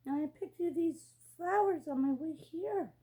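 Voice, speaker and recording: Little storybook girl, high, bright and trusting , voiced by a woman reading aloud. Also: measured pace. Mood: cheerful. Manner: bright, wide-eyed and polite. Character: small innocent girl, polite and trusting.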